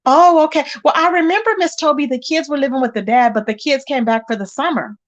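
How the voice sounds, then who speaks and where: A woman's voice: sits high, fast talker. A woman hosting a casual live stream, chatting animatedly and reading viewers' comments aloud. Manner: animated, chatty, calls viewers "child" and "baby". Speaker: livestream host reading chat. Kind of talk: casual chat.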